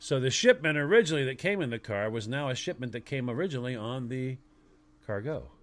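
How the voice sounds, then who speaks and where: A man's voice: medium pitch, lively intonation, fast. A man co-hosting a podcast, talking in playful, rambling casual banter. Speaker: podcast co-host.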